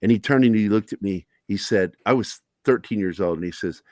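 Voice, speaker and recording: A man's voice: fairly low pitch, a little fast, hardly any pauses, a little mellow, dry recording, clean studio sound. A middle-aged man hosting a talk show, telling candid personal stories in a blunt, profane, self-deprecating way. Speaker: podcast host.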